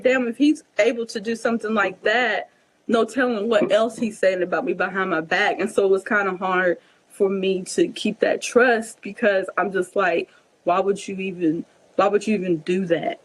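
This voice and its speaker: A woman's voice: medium pitch, moderate pace, slightly rough, poor audio. A woman vlogger answering viewer questions in a casual Q&A, telling a personal story and acting out the dialogue as she goes. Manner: animated, acts out quoted dialogue.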